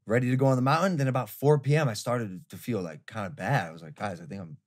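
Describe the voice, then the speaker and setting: A young man hosting a podcast, telling a story in a casual, animated way with some swearing. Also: mid-range voice, fast. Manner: animated, swearing, retelling a rough night. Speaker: podcast host.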